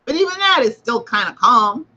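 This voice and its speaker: A woman hosts a spiritual discussion stream and drives her points home through emphatic repetition. Her voice is bright and forward. The audio is a little dull, like a lo-fi stream. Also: fairly high pitch, sing-song, moderate pace. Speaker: host. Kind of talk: livestream spiritual book discussion.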